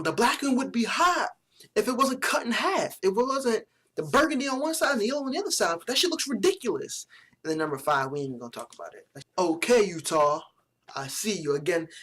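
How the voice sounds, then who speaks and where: A man's voice: a little high, fairly bright tone. A young man giving casual, profane commentary as a vlogger, blunt and mocking with plenty of slang. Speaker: vlogger reviewing sports jerseys.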